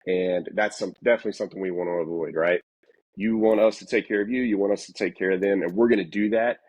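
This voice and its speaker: A man's voice: low voice, steady tone, fast, a little mellow, low-quality recording. A man appearing as a guest flight paramedic, explaining techniques in an instructive, coaching way. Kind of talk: casual podcast discussion.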